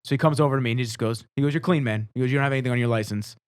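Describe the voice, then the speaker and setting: A man hosting a podcast, telling stories casually in a fast, animated way and swearing freely. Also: medium pitch, smooth, no room sound. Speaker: podcast host. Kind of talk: casual storytelling.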